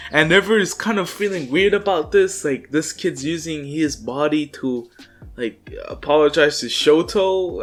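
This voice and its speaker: A man's voice: on the high side, moderate pace. A young man casually narrating a fan story, rambling with lots of fillers and restarts. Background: faint lofi music.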